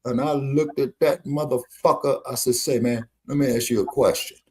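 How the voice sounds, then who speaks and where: A man co-hosting a casual talk show, telling an animated, profane story and often asking if listeners follow. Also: medium pitch, moderate pace, breathy edge. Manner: animated storytelling, profane, repeats tags like "you see what I'm saying". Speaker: co-host. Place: Las Vegas.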